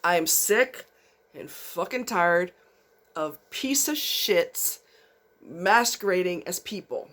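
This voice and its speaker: A woman's voice: on the low side, lively intonation, takes it slowly, a bit bright. A woman vlogger, delivering a fired-up, profane rant straight to her viewers. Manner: fired up, blunt, swearing heavily. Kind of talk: angry profane rant to camera.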